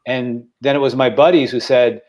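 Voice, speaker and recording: Co-host, 60s man, candid halting storyteller on a video call. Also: medium pitch, steady tone, darkish tone. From Staten Island, New York. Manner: halting, repeats words, emotional. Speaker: podcast co-host.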